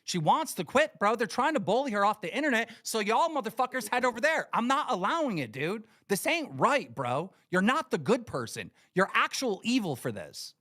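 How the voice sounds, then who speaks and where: A man's voice: high voice, sing-song, normal speed, few pauses, bright, forceful tone. A man hosting a livestream, delivering an angry, profane, emphatic rant. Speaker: livestream host.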